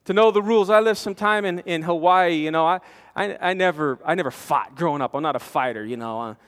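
High-voiced guy preaching at a conference, lots of stammers, big hall echo. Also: fairly quick. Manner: animated, stammering restarts, swings from loud to hushed. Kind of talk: storytelling sermon. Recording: long reverb of a conference hall.

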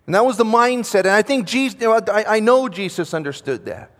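A man's voice: high-pitched, lively intonation, fast talker, a bit bright, long reverb tail. A man preaching a sermon at a conference, reading scripture and talking in a conversational way, often repeating words and restarting his sentences. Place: conference hall.

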